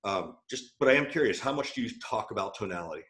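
A man's voice: on the low side, animated, fast, fairly bright tone. A man co-hosting a sales podcast, asking curious questions in a loose, joking way. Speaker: podcast co-host. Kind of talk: casual podcast chat.

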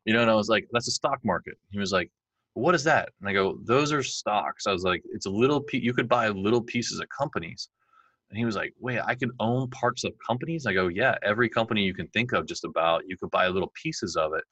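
A man in his forties, a podcast guest, chatting and telling animated stories where he acts out his kids' lines. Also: lowish voice, fast talker, no echo, rough recording. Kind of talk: conversational interview.

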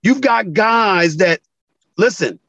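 Slow-paced yet animated, a man with a slightly bright voice recounts stories during an interview, emphatically acting out phone calls with wide pitch swings. He's a sports TV commentator, and the low-quality recording has no room sound.

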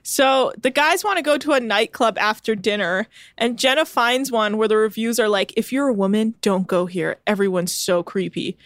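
A woman's voice: fairly high pitch, normal speed, few pauses, no room sound, clean studio sound. A woman co-hosting a casual podcast chat, recapping with sardonic asides, swearing freely and quoting people offhand. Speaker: podcast co-host recapping a reality show. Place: home.

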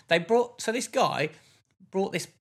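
A man, co-hosting a podcast and telling a story in casual chat, with lively bursts of exasperation. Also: high voice, a little slow. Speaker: podcast co-host.

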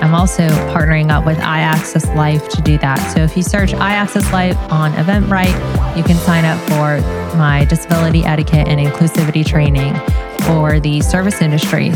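Low-voiced woman hosting a podcast. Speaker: podcast host. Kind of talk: podcast intro and interview.

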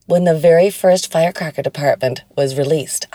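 A woman's voice: fairly low pitch, sing-song, moderate pace, darkish tone. A woman from Canada hosting a podcast, enthusiastic and gushing as she introduces her guest and chats with her. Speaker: podcast host.

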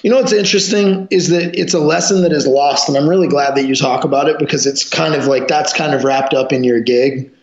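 Gravelly, profane storyteller man. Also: a little high, brisk, hardly any pauses. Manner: profane, rambling, animated storyteller. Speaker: podcast guest, jiu-jitsu instructor. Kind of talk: casual storytelling chat. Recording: roomy, dull lo-fi sound.

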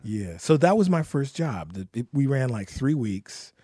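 Husky older man telling stories. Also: mid-range voice, unhurried, no room sound, studio quality. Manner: animated storyteller, profane, laughs while telling stories. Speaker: guest. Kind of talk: casual storytelling interview.

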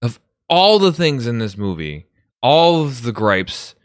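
Animated man in casual film chat. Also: mid-range voice, measured pace, dry recording, studio quality. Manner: animated, swears, acts out scenes.

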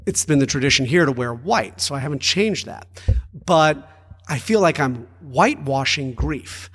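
A man who is a Catholic priest and podcast co-host, talking in a chatty, animated way with frequent stammered restarts. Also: medium pitch, normal speed, breathy edge. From United States. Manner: chatty, animated, prone to playful put-on voices and stammered restarts. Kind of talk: casual podcast chat. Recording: room with long reverb.

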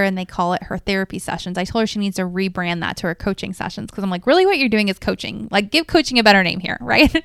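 A woman in her thirties, a life coach, talking casually and candidly, animated and swearing now and then. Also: medium pitch, smooth, no echo, studio quality. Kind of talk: casual podcast monologue.

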